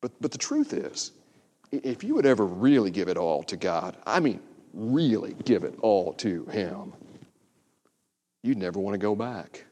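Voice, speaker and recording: A man's voice: lowish voice, sing-song, measured pace, warm tone, husky. A man preaching a sermon, earnest and building to emphatic exhortation. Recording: long hall reverb.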